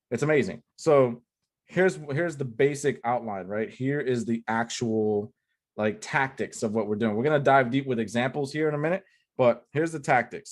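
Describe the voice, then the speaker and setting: A man's voice: medium pitch, a little mellow. A man teaching an online sales lesson at a whiteboard, talking loosely with lots of "like" and "right?" and repeating key phrases for emphasis. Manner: loose and chatty, full of "like" and "right?" tags. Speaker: online marketing coach.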